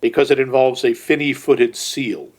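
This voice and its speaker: A man's voice: medium pitch, fairly even intonation, moderate pace. Dry-witted man in casual podcast talk. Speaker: podcast co-host. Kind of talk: casual movie podcast chat.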